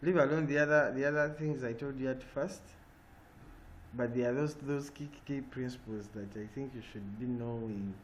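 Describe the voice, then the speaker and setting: A design trainer teaches an online class in a medium-pitched voice at normal speed. He pauses often to check in with "eh?" and "yeah?", and the call audio is noisy.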